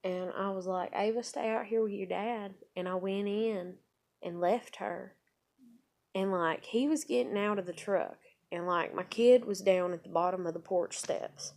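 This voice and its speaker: A woman vlogger with a lowish voice tells a personal story at an unhurried pace. Her vlog is rambling and profane, dipping into quiet asides and climbing into loud outbursts.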